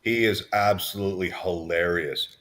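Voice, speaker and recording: A man's voice: sits low, moderate pace, a bit bright. A man from Southern California, co-hosting a podcast in casual chat, rambling with restarts and fillers. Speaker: podcast co-host.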